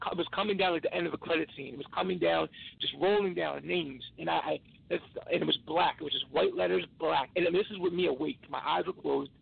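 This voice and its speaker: A tired man, a podcast guest, telling an emotional personal story in an earnest, halting way with many restarts. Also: on the high side, gravelly, slightly rough. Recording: tinny phone line.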